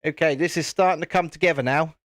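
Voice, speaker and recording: A man's voice: a little high, fast talker, no room sound, clean studio sound. A man hosting a live stream, chatting casually and rambling while he builds a set, with the odd casual swear. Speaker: channel host.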